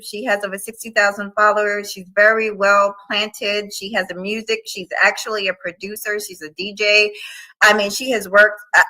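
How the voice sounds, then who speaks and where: A woman's voice: mid-range voice, sharp tone, poor audio. A woman hosting a livestream interview in casual chat, talking to her viewers as y'all. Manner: chatty, addresses viewers as y'all. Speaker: livestream host.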